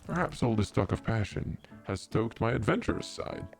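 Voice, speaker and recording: Brief: a streamer plays a gravelly, formal adventurer in a game, low and lively with faint music behind. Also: moderate pace. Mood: earnest. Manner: formal, stately phrasing. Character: adventurous male tea-shop guest, formal. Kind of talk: voicing game dialogue while streaming.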